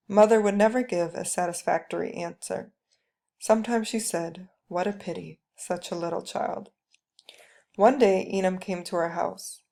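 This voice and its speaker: A woman reading a story aloud, narrating calmly and steadily in the first person. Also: mid-range voice. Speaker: reader.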